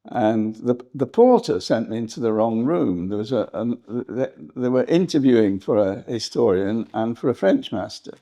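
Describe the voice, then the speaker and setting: Older English man with gravelly voice. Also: mid-range voice, animated, moderate pace, hardly any pauses, mellow. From England. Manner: rambling, hesitant, laughs often. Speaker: historian guest. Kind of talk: reminiscing interview talk.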